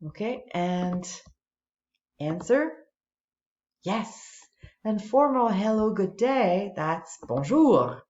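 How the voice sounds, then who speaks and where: A woman French teacher patiently explains, step by step, how her students should use an online flashcard tool in a screen-recorded tutorial. Her mid-range voice has a darkish tone, and she speaks extremely slowly with long pauses. The audio is lo-fi and dull, captured in an echoey room.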